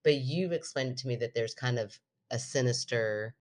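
Woman, podcast co-host, casual chat, animated storyteller. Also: a bass voice, normal speed. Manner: animated storyteller, acts out quotes.

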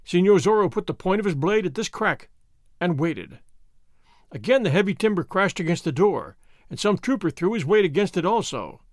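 A male audiobook host narrating in a dramatic, expressive manner. His voice sits high and moves animatedly, with a close, dry sound. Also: no room sound.

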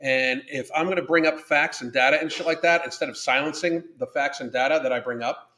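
A man's voice: a little high, fairly quick, bright, forceful tone, a little hiss or hum. Guy ranting on his live podcast, swears a lot, rambles, kinda echoey room. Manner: profane, blunt, rambling. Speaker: podcast host. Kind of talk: casual livestream chat. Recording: roomy echo.

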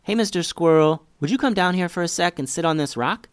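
A man's voice: a little high, brisk, clear, resonant tone, dry recording, voice pushed up, close to an everyday voice. Smug little sister played by a man, raised voice, teasing and sure of herself. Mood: coaxing. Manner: teasing, matter-of-fact. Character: smug, clever little girl who teases her brother.

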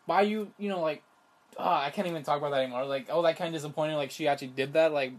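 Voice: medium pitch, steady tone, racing. A young adult vlogger rants loosely to the camera, circling back, restarting and saying "like" at every turn. The tone stays exasperated and disbelieving as the points pile up. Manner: rambling, heavy use of "like" fillers; exasperated and incredulous. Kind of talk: casual rant to camera.

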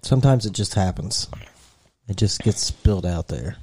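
Low mellow guy from indiana, rambles and cusses, laughs a lot, casual podcast talk. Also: moderate pace, breathy edge. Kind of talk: casual chat.

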